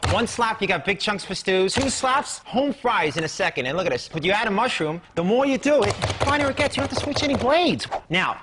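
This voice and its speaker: A man rattles off a kitchen gadget sales pitch in a pushy, jokey infomercial patter, his voice sitting high for a man. The TV audio carries a clear layer of noise behind him. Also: very animated, brisk, few pauses.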